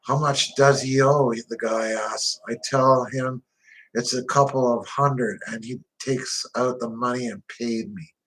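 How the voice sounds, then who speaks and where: A man tells a crime memoir in the first person, speaking slowly and deliberately. His delivery is blunt and profane, with a tough-guy edge, at a middle pitch. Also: fairly even intonation, a bit bright, poor audio. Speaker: narrator.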